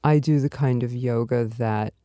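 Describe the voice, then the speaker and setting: A woman with a mellow, relaxed voice talks in a gentle, soothing way, laughing easily as she chats on a podcast. The sound is dry and close, with no room around it. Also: very deep voice, normal speed, no echo. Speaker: yoga teacher and writer. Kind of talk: casual podcast conversation.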